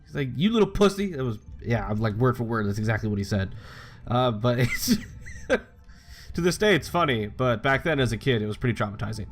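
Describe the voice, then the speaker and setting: A man's voice: mid-range voice, a little fast, faint music behind. A young man giving casual, rambling commentary while playing a game, chatting freely and swearing now and then. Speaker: gaming channel host.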